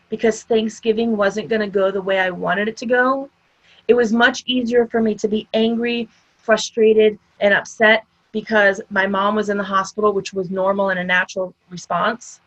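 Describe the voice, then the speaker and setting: A woman's voice: medium pitch, fairly bright tone, lo-fi sound. A woman giving a conversational motivational talk, speaking directly to her audience in an upbeat way. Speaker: summit speaker.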